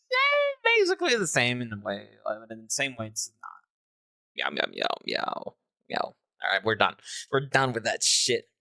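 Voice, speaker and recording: A playful man chats with his live audience as he shows off a new remix, laughing and cursing as he goes. His voice has a gravelly edge and a bright, forward tone. His pitch swings widely as he jokes around. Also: dry recording. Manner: playful, laughing, swearing, tossing in joking meows. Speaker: music producer presenting a remix to a live chat. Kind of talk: casual livestream chat.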